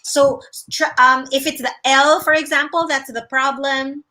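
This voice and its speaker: A Filipino woman hosts a casual livestream and answers parents' questions as a speech-language pathologist. Her voice sits a bit high and sounds bright and forward. She explains things patiently and slips between English and Tagalog. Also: steady tone, unhurried, rough recording. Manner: explains patiently, demonstrating mouth sounds with emphasis; greets viewers by name.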